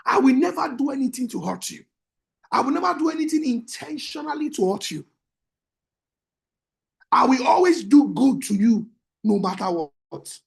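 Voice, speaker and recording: A man, a marriage coach teaching in an emphatic, repetitive preaching style that breaks into shouts. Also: extremely high pitch, lively intonation, normal speed, creaky, pauses often.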